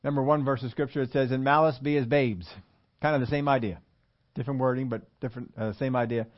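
A man preaching an animated sermon and asking his congregation questions. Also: mid-range voice, quick pace, muffled recording. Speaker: pastor.

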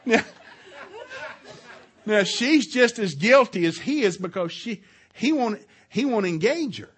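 A middle-aged man giving a preaching talk at a marriage seminar in a church, telling stories with lively shouted quotes and frequent chuckles. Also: sits high, unhurried, slightly rough. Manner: animated storytelling, shouts out quoted lines, chuckles often. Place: church hall, live session.

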